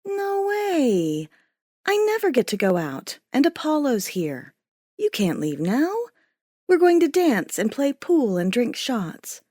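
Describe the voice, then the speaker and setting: A woman voicing a bubbly young woman who is eager to party, talking in an excited, pleading way. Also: high-pitched, slow pace, no room sound, clean studio sound, pitched above the performer's own voice, exaggerated voice.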